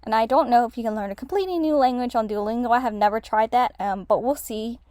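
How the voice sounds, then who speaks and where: A woman with a voice on the high side talks fast and a little mellow as she casually walks through her language-study spreadsheet in a screen-share lesson. She rambles with many fillers and self-corrections, recorded in a dry, clean studio sound.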